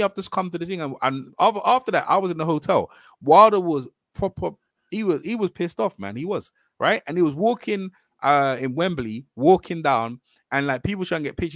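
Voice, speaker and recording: A man's voice: high-pitched, fairly bright tone, no echo, studio quality. A man hosting a live boxing chat on a video call, arguing emphatically and repeating himself. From England. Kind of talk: heated casual debate.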